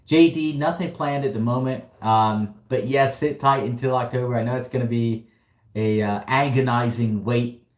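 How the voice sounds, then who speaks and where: A man's voice: mid-range voice, moderate pace, roomy sound. A man hosting a casual livestream Q&A, upbeat and slangy, reading out viewer questions and answering them. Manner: upbeat, slangy, laughs often. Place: warehouse.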